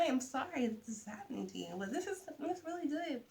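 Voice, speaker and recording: A woman's voice: sits high, normal speed. Chatty young woman vlogging about books. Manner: chatty, animated, drops to soft asides. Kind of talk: casual book chat to camera.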